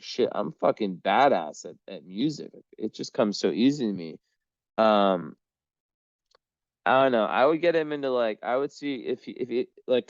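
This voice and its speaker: A man's voice: lowish voice, a little mellow, smooth, no room sound. Young man, casual astrology chat, rambling and filler-heavy, dry dull lo-fi sound. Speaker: astrology reader.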